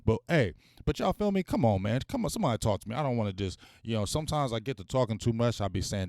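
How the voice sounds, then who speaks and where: Animated man ranting on sports. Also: mid-range voice, fast, hardly any pauses, no echo, clean studio sound. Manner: animated, talks straight to viewers, casual slang. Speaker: sports talk show host. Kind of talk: live-stream sports talk.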